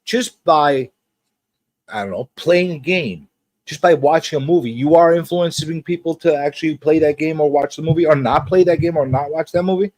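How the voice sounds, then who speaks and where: A man hosting a casual pop culture livestream, teasing his guest and chatting in an animated way. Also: moderate pace, no room sound. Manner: animated and teasing, jumps between high and low.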